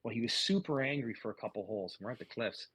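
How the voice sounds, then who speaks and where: Man, husky voice, dry close sound, animated casual storyteller, acts out quotes. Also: mid-range voice, fast, no room sound, poor audio. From Canada. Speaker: podcast guest.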